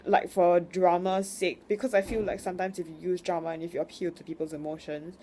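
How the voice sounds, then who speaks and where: A woman's voice: fairly low pitch, level tone, fairly quick, warm tone, a little hiss or hum. Rambling young woman venting frankly. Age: young adult. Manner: rambling, frank, swears, emotional. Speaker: vlogger. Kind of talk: casual venting monologue.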